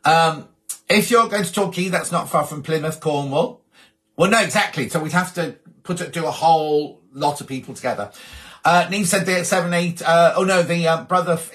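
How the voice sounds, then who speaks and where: Hosting a casual live stream, a man reads viewer messages aloud in a chatty, rambling style, frequently breaking off mid-sentence. His voice is a little high with a fairly bright tone.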